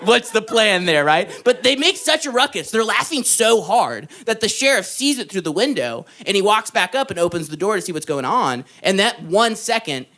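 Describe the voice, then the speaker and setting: A young man doing stand-up, telling a story in an animated way, laughing along and jumping into loud put-on voices. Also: sits high, normal speed, hardly any pauses. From Texas. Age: young adult. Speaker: stand-up comedian. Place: live comedy club stage.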